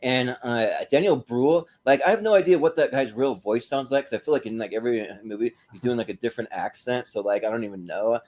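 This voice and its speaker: A man's voice: mid-range voice, quick pace, few pauses, a little mellow. A man hosting a casual movie podcast. He talks in a laid-back, rambling way, laughs often and eats while he talks. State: eating while talking. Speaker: podcast host.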